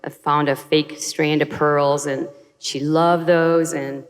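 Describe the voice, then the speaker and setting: Low gravelly young woman telling her story, earnest, some hall echo. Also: flat delivery, slow pace. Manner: earnest storytelling, acts out quoted voices. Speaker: guest sharing her testimony. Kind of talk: personal testimony in conversation.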